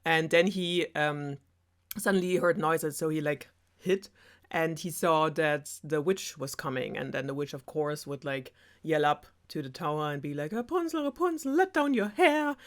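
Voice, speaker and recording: A woman's voice: low-pitched, fairly even intonation, unhurried. A German woman, a non-native English speaker, retelling a fairy tale in a sarcastic, chatty way with laughing asides. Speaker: storyteller host.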